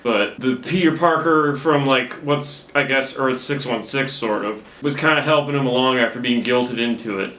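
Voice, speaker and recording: A man's voice: medium pitch, moderate pace, hardly any pauses, sharp tone. A young man giving a rambling, profane and self-mocking recap of a movie he just saw, talking into his camera at home. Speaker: movie reviewer. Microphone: camera mic. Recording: roomy camera-mic recording.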